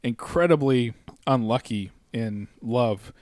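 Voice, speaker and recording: A man's voice: mid-range voice, darkish tone, dry recording, clean studio sound. A man co-hosting a casual comedy podcast, agreeable, often restarting his sentences. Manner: agreeable, many yeahs, halting restarts. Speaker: podcast co-host.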